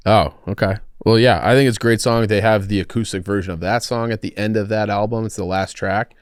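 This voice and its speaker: A man's voice: lowish voice, fairly even intonation, a little fast, clean tone, no echo. A man hosting a casual group chat, with a dry, mildly skeptical way of asking questions.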